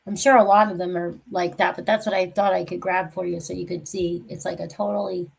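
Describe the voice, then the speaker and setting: A woman hosting a casual livestream chat who talks in a soft, rambling way and often trails off. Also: fairly low pitch, level tone, a little fast, vocal fry, rough recording. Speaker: livestream host.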